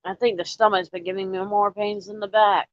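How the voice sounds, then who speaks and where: A woman's voice: mid-range voice, level tone, fairly quick, no room sound. A woman chatting casually on a live stream, tired and sighing, muttering to herself as she goes. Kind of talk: casual chat. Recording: dull, dry lo-fi recording.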